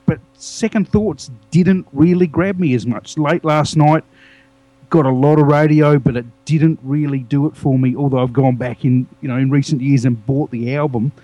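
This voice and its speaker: A man with an Australian accent, co-presenting a music podcast and reminiscing with halting restarts. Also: on the high side, fairly even intonation, warm tone, dry recording, poor audio. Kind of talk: casual music podcast chat.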